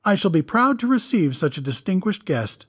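A man voicing a scheming scholar who is politely, smoothly mocking. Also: sits high, big pitch swings, normal speed, voice pushed up, heavily acted. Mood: mock sympathy. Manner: mock-courteous, smoothly ironic.

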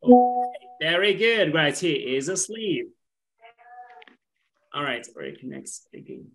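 A woman's voice: sits low, very animated, creaky, soft background music. Patient woman teaching English. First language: Arabic. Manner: patient, repeats words slowly, switches to Arabic to explain. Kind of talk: online class teaching. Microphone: video call.

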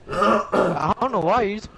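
A man's voice: high voice, takes it slowly, creaky, sharp tone, slight background noise, low-quality recording. A young man in casual gaming voice chat, telling long rambling stories full of crude jokes. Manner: rambling, crude, joking storyteller. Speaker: gamer chatting with friends.

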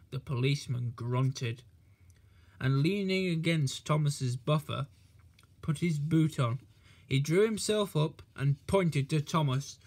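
A man reading a children's storybook aloud in a gentle, measured way. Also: a little high.

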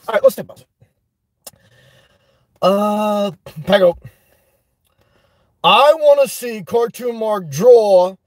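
A man hosting a live stream, reading chat and telling a story in a loud, animated way, swearing often. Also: extremely high pitch, dry recording. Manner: animated, loud, swears a lot, repeats himself. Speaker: livestream host reading chat. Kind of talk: casual livestream rant.

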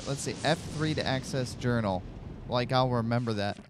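A man's voice: medium pitch, normal speed, a little hiss or hum. A man casually commentating a game, greeting viewers as he plays. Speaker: let's play host.

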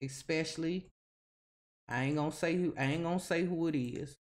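A woman's voice: low-pitched, moderate pace. A woman, casually commentating while she plays a life-simulation game and chatting at her characters. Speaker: gaming video host.

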